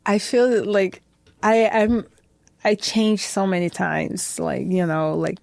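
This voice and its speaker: A young woman with a Brazilian accent talks in a casual interview, acting out little quotes as she tells her stories. Her voice has a gravelly edge and sits at a middle pitch. The sound is dry and close. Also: takes it slowly, no room sound. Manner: lively storytelling, acts out quoted voices, many "like" and "I feel that" fillers. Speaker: podcast guest, head bartender.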